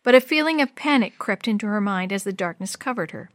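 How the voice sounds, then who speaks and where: A woman narrating a children's chapter book aloud in a clear, even storytelling manner. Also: medium pitch, fast talker, dry recording, studio quality.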